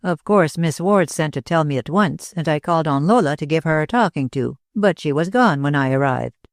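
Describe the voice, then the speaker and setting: A curt, irritable young gentleman who brushes people off, as a man reads him aloud. Clipped and dismissive, in a slightly high, dry, close storybook voice. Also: lively intonation, moderate pace, dry recording. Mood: irritated.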